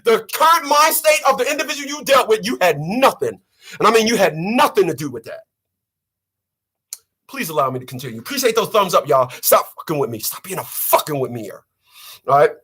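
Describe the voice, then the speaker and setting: A man's voice: sits high, sing-song, a little fast, sharp tone, breathy edge. A man delivering preachy, profane ranting commentary on his channel, repeating lines for effect. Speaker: vlogger.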